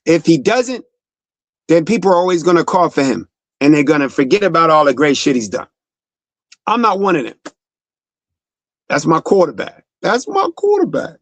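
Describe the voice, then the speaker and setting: A man's voice: fairly high pitch, expressive, moderate pace, pauses often, fairly bright tone, no room sound. A young man hosting a sports talk show, delivering a fired-up, profane monologue that speaks straight to the player.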